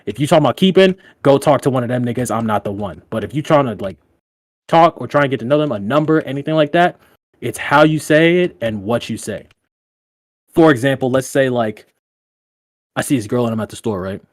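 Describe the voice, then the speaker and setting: A man on a podcast giving casual dating advice in loose, profane slang, laughing often and jumping up in pitch when he tells a story. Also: a little fast, dry recording, clean studio sound. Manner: animated, with big jumps in pitch when telling stories. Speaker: podcast co-host.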